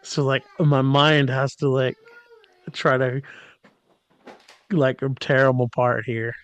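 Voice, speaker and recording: A man's voice: medium pitch, steady tone, takes it slowly. A man co-hosting a podcast, casually recapping an episode and jokingly mimicking the characters. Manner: jokey, mimics characters in quotes. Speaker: podcast co-host.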